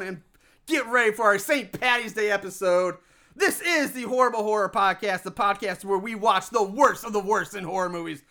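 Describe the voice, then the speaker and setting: A man hosts a casual podcast, swearing freely and joking with dry sarcasm. His voice sits high and sounds bright and forward. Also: moderate pace. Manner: loose and profane, joking sarcasm. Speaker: podcast host.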